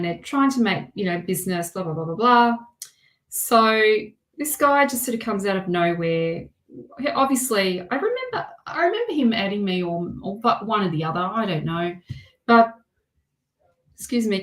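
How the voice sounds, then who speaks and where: A woman chats candidly as she gives a tarot reading, speaking at an ordinary middle pitch. She swears freely and laughs often. Her voice rings in a noticeably echoey room. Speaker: tarot reader. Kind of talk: casual livestream tarot reading.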